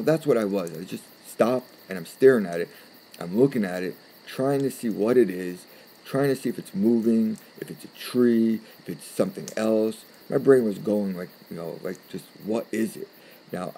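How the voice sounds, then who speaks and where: A man's voice: on the low side, dark tone, slight background noise, rough recording. A man telling a personal story to his channel in a casual, blunt way, swearing often and circling back over his words. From California. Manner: blunt, swears constantly, repeats himself.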